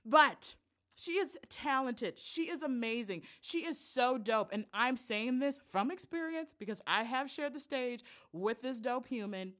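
A woman hosting a casual podcast, bubbly and giggly, hyping up her guest with animated enthusiasm. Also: a little high, unhurried. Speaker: podcast host. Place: Chicago.

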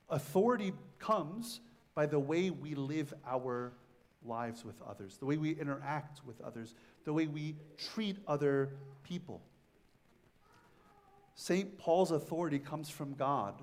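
Man, priest, sermon, casual storytelling, slightly high-pitched, middle-aged. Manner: conversational, storytelling with varied emphasis.

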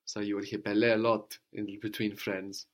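A man's voice: on the low side, little pitch movement, normal speed. A man teaching a spoken language lesson, patiently explaining and often checking with "no?".

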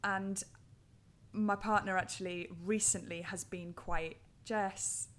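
A woman's voice: mid-range voice, steady tone, unhurried, a bit bright. A woman with a Durham accent hosting a podcast from her home, talking in a chatty, reflective way and laughing easily. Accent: Durham, North East England. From Durham, England. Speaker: podcast host. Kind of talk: casual conversational podcast chat.

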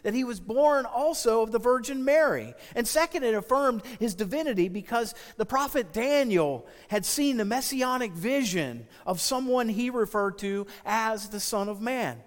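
A man preaching a sermon as pastor, earnest and emphatic, slowing down to stress key phrases. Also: extremely high pitch, animated, big-room sound.

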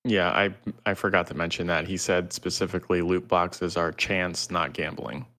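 A man co-hosting a podcast in casual chat, with dry, deadpan asides. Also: deep voice, moderate pace, slight background noise. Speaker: podcast co-host.

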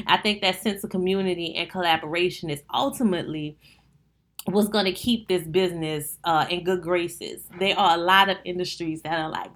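A woman with a New Orleans accent, a wedding planner hosting a casual solo podcast, chatting straight to her listeners in an animated, down-to-earth way. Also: mid-range voice.

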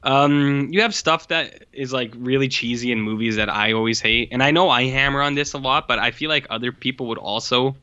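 A man co-hosting a casual movie review chat, animated, swearing freely and acting out lines from the film. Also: medium pitch, fairly quick, few pauses, clean tone. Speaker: podcast co-host reviewing movies. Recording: muffled lo-fi sound.

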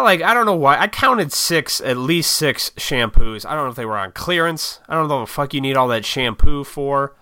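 A man's voice: mid-range voice, sharp tone, clean tone, no room sound, studio quality. A man telling a rambling, swear-heavy story to the camera, poking fun at his own impatience. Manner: rambling, profane, self-deprecating. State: short on sleep. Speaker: vlogger. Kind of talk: casual storytelling monologue.

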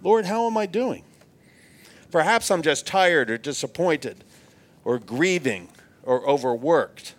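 A man's voice: a little high, animated, slow pace, long pauses. A man preaching a sermon in an earnest, reflective way, often repeating words as he restarts.

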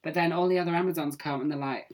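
A woman recapping a film plot in a relaxed way, with many fillers. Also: low voice, racing. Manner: relaxed storyteller, lots of fillers.

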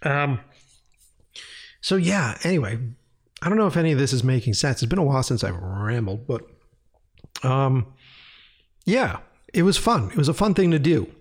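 A man talking casually and animatedly about video editing, swearing freely and acting out his own excited reactions. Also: mid-range voice, moderate pace, long pauses. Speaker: video editor and director. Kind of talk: casual rambling monologue.

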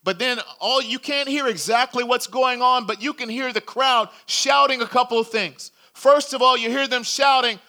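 A man preaching a sermon in a bright, forceful voice. He tells the story dramatically, acting out the shouts of a crowd and then sinking to a hush. His voice sits high for a man. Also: normal speed, hardly any pauses.

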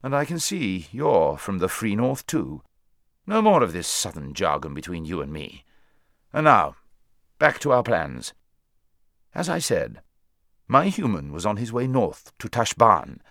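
A proud talking war horse snaps out orders in a low, voice, as a man reads him. He is brisk and scornful, with a lively lilt. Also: vocal fry, dry recording, studio quality, full character voice. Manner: brisk, commanding, contemptuous.

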